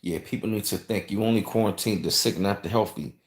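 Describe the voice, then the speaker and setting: Livestream host, male, lowish voice, loose rambling chat, roomy echo. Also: brisk. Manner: rambling, conversational, repeats phrases, reads and thanks viewers. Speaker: channel host reading live chat.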